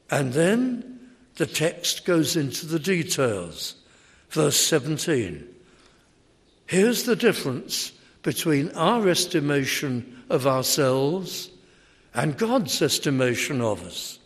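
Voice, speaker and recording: A man preaching a sermon in a measured, emphatic way, recorded in a large church hall. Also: on the high side. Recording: long reverb hall.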